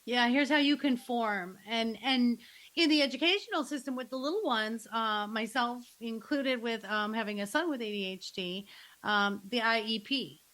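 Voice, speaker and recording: A woman's voice: fairly high pitch, moderate pace, fairly bright tone, poor audio. A woman hosting a podcast interview, chatting casually and eagerly. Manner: eager, enthusiastic. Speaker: podcast host.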